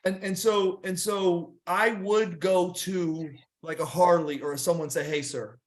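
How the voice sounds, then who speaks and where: A man's voice: high-pitched, fairly even intonation, a little slow. A middle-aged man telling rambling wrestling stories in a casual interview, with many restarts and fillers. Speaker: guest wrestler.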